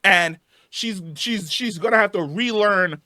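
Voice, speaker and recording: A man's voice: high-pitched, measured pace, pushed and bright, dry recording, clean studio sound. A man reviewing a show in a heated, angry rant, swearing and repeating himself for emphasis, his voice wearing out. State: losing his voice.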